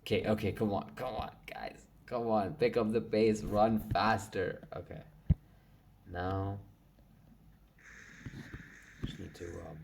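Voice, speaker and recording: A young man commentating his own video game play, getting excited and swearing when it goes wrong. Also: lowish voice, slow, gravelly, long pauses, background noise. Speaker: gaming channel host. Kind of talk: gameplay commentary.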